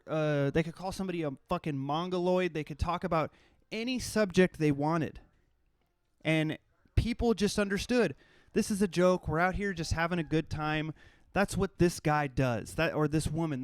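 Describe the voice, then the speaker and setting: A man's voice: sits high, dry recording, clean studio sound. A man hosting a solo podcast, ranting bluntly and profanely in an exasperated, fed-up way. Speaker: podcast host.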